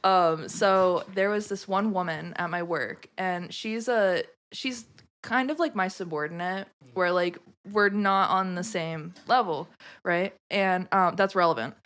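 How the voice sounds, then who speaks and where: A woman from Florida, a podcast guest, telling a story in casual chat, animated and swearing freely. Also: lowish voice, unhurried, clean tone. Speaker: podcast guest, tarot reader.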